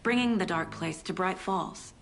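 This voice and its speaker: An actress playing a steady, probing female investigator who questions calmly. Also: lowish voice, slight background noise, close to an everyday voice. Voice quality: steady, measured, skeptical.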